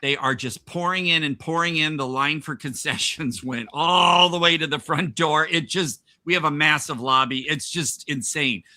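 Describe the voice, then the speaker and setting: A man hosting a podcast, telling a work anecdote in casual, animated chat and laughing between lines. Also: on the high side, moderate pace, few pauses. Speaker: podcast host.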